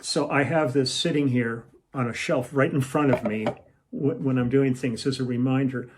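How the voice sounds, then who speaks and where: A man's voice: medium pitch, steady tone, normal speed, a little hiss or hum. An older man telling a long story casually at home, meandering and acting out what people said. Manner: rambling, meandering, acts out quoted lines. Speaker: musician telling a tour story. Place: at home, room with a shelf.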